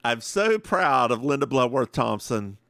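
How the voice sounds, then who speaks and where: A man with a Southern US accent co-hosting a podcast, recapping a TV episode in casual chat with animated, sassy asides. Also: mid-range voice, unhurried, gravelly, no echo, clean studio sound. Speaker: podcast co-host.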